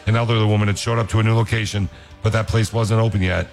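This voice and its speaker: A man's voice: fairly low pitch, fairly even intonation, fast talker, vocal fry, soft background music. A man hosting a radio show, talking enthusiastically in a casual chat style. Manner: enthusiastic, repeats praise. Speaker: radio host. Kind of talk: upbeat morning radio chat.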